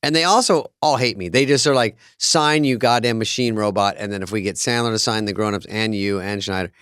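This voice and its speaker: A man's voice: lowish voice, fast, a bit bright, no room sound, clean studio sound. A man co-hosting a podcast in casual chat, trading wry, joking banter with crude asides. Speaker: podcast co-host.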